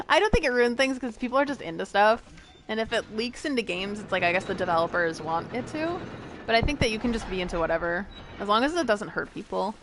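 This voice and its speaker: A woman's voice: medium pitch, animated, fairly quick, a bit bright, slight background noise. A young American woman streaming a game, chatting casually with viewers in a giggly, rambling way. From United States. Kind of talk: casual gameplay chat with viewers.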